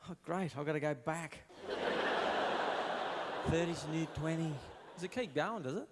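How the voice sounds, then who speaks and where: A man's voice: on the high side, a little slow, heavy background noise. An Australian man performing a stand-up routine at a live show, wry and chuckling as he acts out little voices. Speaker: stand-up comedian.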